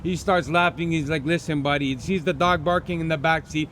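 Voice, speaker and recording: Cranky guy ranting outdoors, high-pitched, swearing a lot, bit of noise behind. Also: fairly even intonation, brisk, fairly bright tone. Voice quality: profane, blunt, heated. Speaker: vlogger. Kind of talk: angry ranting story.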